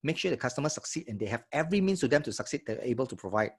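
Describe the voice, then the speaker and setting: Man, sales trainer, live online workshop, husky, energetic, medium pitch. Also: very fast. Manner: energetic, checks in with audience often.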